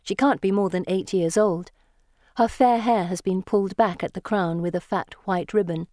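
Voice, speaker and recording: A woman narrates a first-person storybook in a measured, lyrical way, with a voice of middle pitch. The recording is dry and close, with no room echo. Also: dark tone. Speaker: audiobook narrator.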